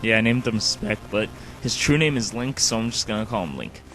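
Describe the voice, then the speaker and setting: A man's voice: fairly low pitch, brisk, fairly bright tone, faint music behind. Rambling man narrating his gameplay. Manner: rambling, frequent "like" fillers. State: sleepy. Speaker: let's play host. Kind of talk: casual gameplay commentary.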